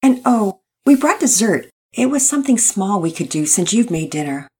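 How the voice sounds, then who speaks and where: A woman voicing a pleasant, cheerful mother who gushes warmly over good news. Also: mid-range voice, big pitch swings, normal speed, slightly rough, pitched above the performer's own voice. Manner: pleasant, gushing.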